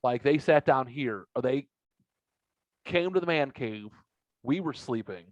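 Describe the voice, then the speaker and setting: A man's voice: medium pitch, a little slow, dry recording. A man hosting a podcast, telling a long, profane story in a rambling, casual way. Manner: rambling, profane, animated retelling. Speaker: podcast host. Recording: dry, dull lo-fi sound.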